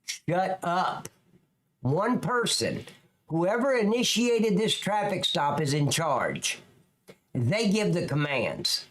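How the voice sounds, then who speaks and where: A sarcastic male commentator with a higher, very animated voice that jumps around as he mocks what he is watching. He swears freely and sounds scornful. A faint hiss sits under the recording. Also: slow pace. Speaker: commentator reacting to police footage. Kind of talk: profane video commentary.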